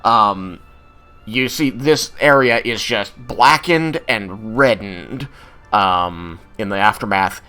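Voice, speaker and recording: Low-voiced game master, unhurried. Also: male voice, sharp tone, clear, resonant tone, faint music behind. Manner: hesitant, many fillers. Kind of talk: narrating a tabletop game.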